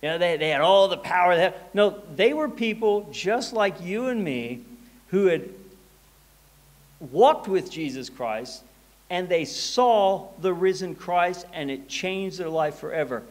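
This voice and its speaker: A man's voice: sits high, animated, unhurried. A pastor preaching a conversational sermon in church, often restarting and repeating words as he goes.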